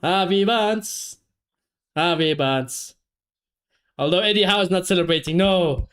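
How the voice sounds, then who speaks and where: A young man hosting a live football watchalong, reacting excitedly, swearing heavily and shouting when his team scores. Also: high-pitched, measured pace, long pauses, clean tone. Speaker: watchalong streamer.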